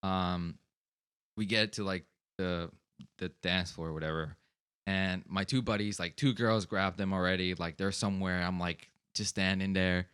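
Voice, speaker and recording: A man's voice: sits low, steady tone, normal speed, a bit bright, clear, resonant tone. A man in his twenties from Long Island, co-hosting a podcast and telling a rambling story full of fillers and swearing. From Long Island, USA. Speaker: podcast co-host. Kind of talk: casual chat.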